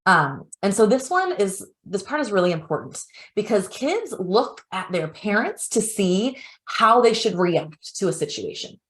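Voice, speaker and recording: A young woman, a parent herself, leads a parenting webinar in a mid-pitched voice. She explains in a loose, conversational way and keeps slipping in "like" and "you know". It sounds unscripted and friendly rather than formal. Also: sing-song, measured pace, hardly any pauses. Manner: chatty, full of "like" and "you know" fillers. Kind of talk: informal teaching talk.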